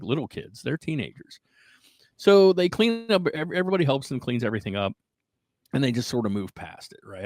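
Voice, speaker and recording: A man hosting a podcast, casually retelling a strange story in an animated way, often checking in with "right?" and "like". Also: medium pitch, no room sound, rough recording. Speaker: podcast host.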